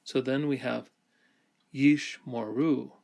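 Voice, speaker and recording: A man delivers a recorded grammar lesson at an unhurried, deliberate pace. His voice carries a gravelly, creaky texture at a middle pitch. He explains step by step and now and then corrects himself mid-sentence. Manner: slow, measured explaining with occasional self-corrections. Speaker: teacher. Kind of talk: recorded lecture.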